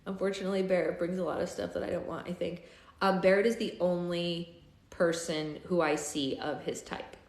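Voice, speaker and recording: A woman's voice: fairly low pitch, fairly even intonation, normal speed, darkish tone. A woman hosting a live book club, chatting casually and reading a novel aloud with offhand asides. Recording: echoey room.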